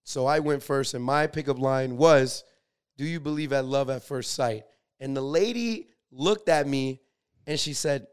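A young man co-hosting a podcast. He talks in a relaxed, casual way and tells stories in an animated style. He slips into goofy voices when he quotes other people. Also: medium pitch, moderate pace, clear, resonant tone. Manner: animated storyteller, acts out quotes in funny voices. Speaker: podcast co-host.

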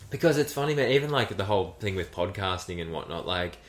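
A podcast host chats casually in a low, animated voice, talking fast in an echoey room. He rambles, leans heavily on "like," and laughs often.

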